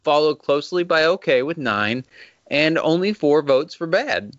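Texas guy hosting a podcast, laughs a lot, a bit high voice, dry dull lo-fi sound. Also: animated, normal speed, fairly bright tone, no echo. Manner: laughs often, swears casually. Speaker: podcast host. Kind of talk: casual podcast chat.

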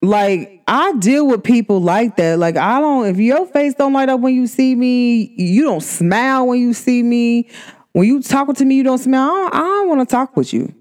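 A woman talking straight to her listeners in a loose, chatty monologue. She is emphatic and animated, and her voice jumps up high when she gets excited. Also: normal speed. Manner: chatty and emphatic, many "like" fillers. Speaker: podcast host.

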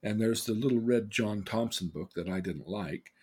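An older man, a podcast host, earnestly telling personal stories, his voice swinging between loud and hushed. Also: lowish voice, moderate pace, slightly rough. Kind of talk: personal storytelling.

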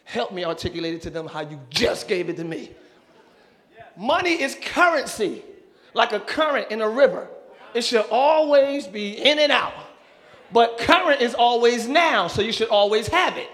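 A middle-aged man preaching a sermon in church as pastor. He moves from calm teaching to shouted, fervent preaching and breaks in with whoops and jokes for the congregation. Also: very high voice, moderate pace. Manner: interjects "woo" and jokes with the congregation.

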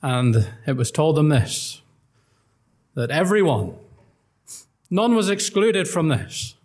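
Male preacher, somewhat high voice, earnest and emphatic gospel sermon delivery. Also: sing-song, takes it slowly, a little mellow. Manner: earnest, emphatic preaching, quoting old-style scripture.

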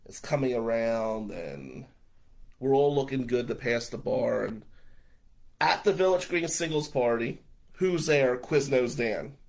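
A man, a lawyer, telling a personal story to the camera in a casual, animated way, blunt and swearing freely. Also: medium pitch, rough recording.

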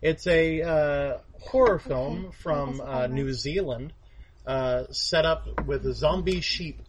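A man's voice: fairly high pitch, slow pace, a crowd in the background. A man co-hosting a podcast in casual chat, joking and theatrical. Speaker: podcast co-host.

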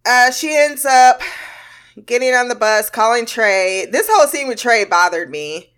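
A woman's voice: on the high side, animated, a little slow, fairly bright tone, clean tone. A woman casually commenting on a film, swearing freely and laughing often. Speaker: reaction commentator.

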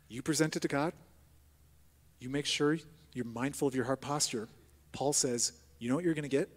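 A man preaching a sermon as pastor, moving between hushed prayer and loud, emphatic exhortation. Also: medium pitch, normal speed. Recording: long hall reverb.

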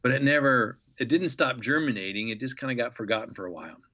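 A man telling an enthusiastic, reflective story as a guest in an interview, with many pauses and fillers. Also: medium pitch, bright, forceful tone, muffled recording.

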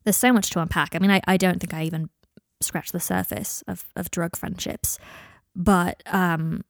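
A woman talks through her podcast in a casual, rambling way, full of fillers and self-deprecating jokes. Her voice sits a little low, and the recording is close and dry with no room sound. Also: fairly even intonation, moderate pace, creaky, no echo. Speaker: podcast host and fan fiction writer. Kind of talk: casual reflective podcast talk.

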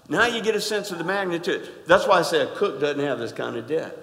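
A man preaching a sermon in a folksy, emphatic way, dropping to quiet asides and then rising to loud stresses. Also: high-pitched, a little fast, hardly any pauses. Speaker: pastor. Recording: echoey hall with long reverb.

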